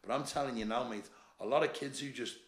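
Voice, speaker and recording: A man with a thick Liverpool accent tells his stories in a rough, animated way and swears freely. He is a guest on a casual podcast. His voice sits in a mid range and carries the echo of a roomy space. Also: medium pitch, quick pace. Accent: Liverpool (Scouse). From Liverpool, England. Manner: animated anecdotes, heavy swearing, lots of "mate" and "lad". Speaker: podcast guest, bodybuilder and gym owner. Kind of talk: casual chat, storytelling.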